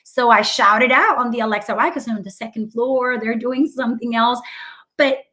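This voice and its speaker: A woman's voice: fairly high pitch, brisk, sharp tone. A middle-aged woman co-hosting a casual parenting talk, speaking with frequent affirmations and fillers. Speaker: co-host of a parenting meetup. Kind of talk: casual instructive chat.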